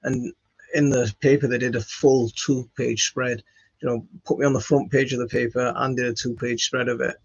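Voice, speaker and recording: Talking to camera in his indoor home studio, a gardening-channel host from West Yorkshire, England rambles casually, poking fun at himself amid plenty of fillers and restarts. His mid-range voice is slightly rough, with little pitch movement, at normal speed. The phone recording is dry, dull and lo-fi.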